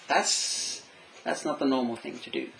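A man's voice: medium pitch, big pitch swings, measured pace, vocal fry, fairly bright tone, slight background noise, poor audio. A man preaching a sermon in English, which is not his first language, thoughtful and stopping to search for words. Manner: thoughtful, searching for words, asks questions aloud.

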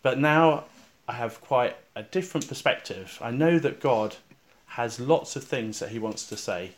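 Male preacher, sermon-style guided meditation, calm and reflective, unhurried with pauses, hushed on recited verses. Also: medium pitch. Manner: calm and reflective, with slow pauses, dropping soft on repeated verses.

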